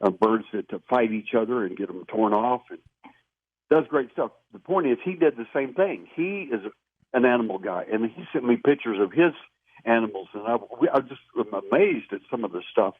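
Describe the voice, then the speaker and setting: A man's voice: medium pitch, expressive, fairly quick, breathy edge, no room sound. A man being interviewed, telling his stories in an earnest, emphatic way. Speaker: interview guest. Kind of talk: phone-in interview storytelling. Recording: tinny phone line, dry.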